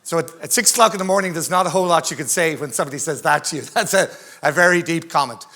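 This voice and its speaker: A panel moderator with a fairly high, pushed, bright voice races through a humorous story for a conference audience. Standing on the hall's stage, he keeps his storytelling jokey and anecdotal.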